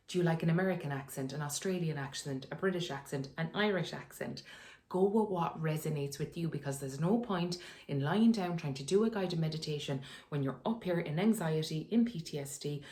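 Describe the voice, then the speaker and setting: Woman with a deep, low voice, talking frankly from her sitting room, casual and chatty, quick to laugh. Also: darkish tone. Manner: frank, conversational, laughs often. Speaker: wellness vlogger. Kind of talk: candid personal advice talk.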